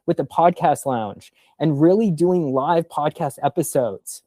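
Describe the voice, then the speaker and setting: A man's voice: on the high side, a little slow, warm tone, no room sound. A man in his thirties, a podcast guest telling his story in an earnest, emotional, rambling way. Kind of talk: casual podcast conversation.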